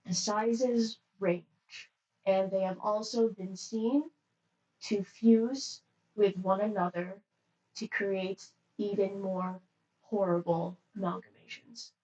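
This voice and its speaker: A woman voicing a monotone attendant who briefs a squad of agents in a tabletop role-play game, speaking in an even, flat manner. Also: medium pitch, slow, close to an everyday voice. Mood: formal. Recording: roomy, distant mic.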